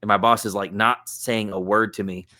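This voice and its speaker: Lower-voiced man telling a story. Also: normal speed. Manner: relaxed, chatty, with lots of fillers like "like" and "uh". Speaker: podcast guest. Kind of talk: casual storytelling.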